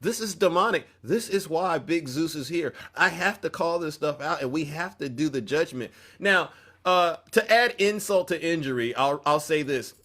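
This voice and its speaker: A man's voice: on the high side, expressive, moderate pace, bright, forceful tone. Emphatic preachy male commentator. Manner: emphatic, preachy, self-interrupting. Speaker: commentary show host. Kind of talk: opinion commentary.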